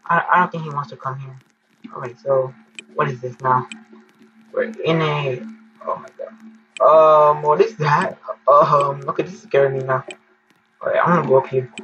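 A teenage boy giving casual, excitable gameplay commentary, often panicking and pleading. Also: mid-range voice, highs cut off, noisy background. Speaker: gaming YouTuber.

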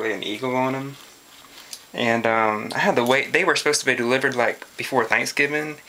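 A man's voice: medium pitch, sharp tone. A young man, telling a story in a sarcastic, profane vlog rant. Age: young adult. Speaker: vlogger.

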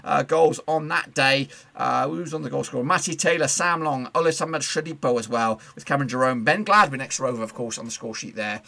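A man hosting a casual football predictions recap, chatty and playful, with quick asides, fillers and a voice he says he is losing. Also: medium pitch, vocal fry, pushed and bright. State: losing his voice.

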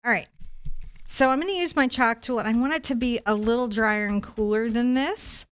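A woman's voice: a little high, normal speed, clear, resonant tone. A woman hosting a live acrylic painting tutorial, explaining each step in a chatty, encouraging way. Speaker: painting instructor and live-stream host.

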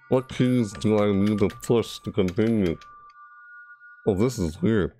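A man giving casual gameplay commentary, rambling and thinking out loud, a bit nervous. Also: fairly low pitch, measured pace, faint music behind. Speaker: let's play gamer.

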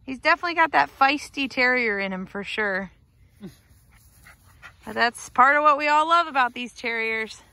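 A woman's voice: high-pitched, normal speed, pauses often, bright, forceful tone. A woman outdoors on a lawn, chatting casually about her dog and cooing at it in sing-song baby talk. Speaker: dog owner showing her terrier. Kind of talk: casual video chat.

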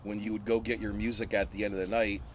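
A man's voice: on the low side, little pitch movement, quick pace, a little hiss or hum. A man guest casually telling rambling stories and laughing often. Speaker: wrestler guest. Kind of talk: casual storytelling.

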